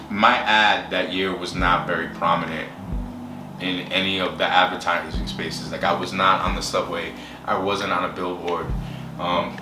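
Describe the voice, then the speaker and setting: A man candidly telling his personal story in an interview, halting and full of fillers. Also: deep voice. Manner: candid, halting, with many fillers and acted quotes. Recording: roomy distant mic with music behind.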